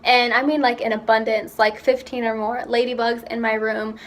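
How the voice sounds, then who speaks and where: A young woman telling stories about herself in a casual, chatty vlog, with quick asides. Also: on the high side, flat delivery. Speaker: vlogger. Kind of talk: casual chat.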